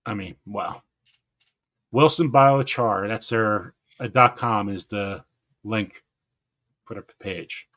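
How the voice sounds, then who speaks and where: A man hosting a gardening live stream in casual chat, excitable, laughing often and stumbling over names. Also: fairly low pitch, takes it slowly, pauses often.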